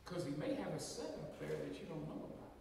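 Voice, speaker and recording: A man's voice: a little high, animated, fairly quick, creaky, dark tone, slight background noise. A middle-aged man preaching a folksy sermon as pastor, leading the congregation in call and response. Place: church sanctuary. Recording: echoey hall from far off.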